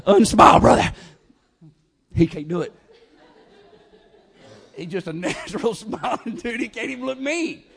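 A man's voice: very high voice, very animated, a little slow, creaky, pauses often, fairly bright tone. A man preaching a revival sermon, repeating his phrases over and over and calling out to the congregation. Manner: repetitive, call-and-response preaching.

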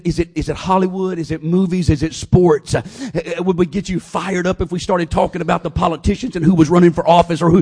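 A man's voice: high voice, a little mellow, slightly rough. A man preaching a revival sermon, repeating his phrases over and over and calling out to the congregation. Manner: repetitive, call-and-response preaching.

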